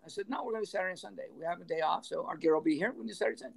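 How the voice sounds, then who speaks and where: A man's voice: sits high, racing, gravelly, hardly any pauses, husky. A middle-aged man, a former band manager, telling road stories in a casual interview, laughing often and acting out what people said. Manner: animated storyteller who laughs often and acts out quoted dialogue.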